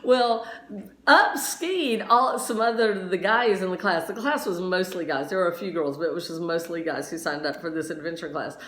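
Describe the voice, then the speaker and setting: A woman science teacher telling a lively story during a lesson, laughing often as she goes. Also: on the low side, moderate pace. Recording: roomy echo.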